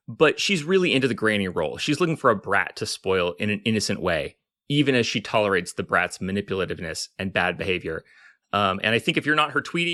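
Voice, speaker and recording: A man's voice: fairly low pitch, bright, forceful tone, no room sound. A man on a comedy podcast panel, calling on the others and giving wry, dry hot takes. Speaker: podcast panelist leading the rankings. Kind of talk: casual comedic panel chat.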